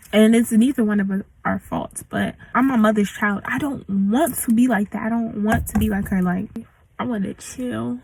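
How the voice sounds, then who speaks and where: Ranting casually through a storytime, a late-teen young woman vlogger vents in slang, saying "like" constantly. Her voice is medium-pitched, darkish and husky, and the recording quality is low.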